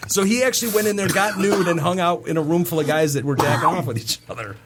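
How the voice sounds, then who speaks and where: A man co-hosting a casual podcast, telling a story in an animated, teasing way. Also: sits high, fast talker, over music. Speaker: radio show co-host.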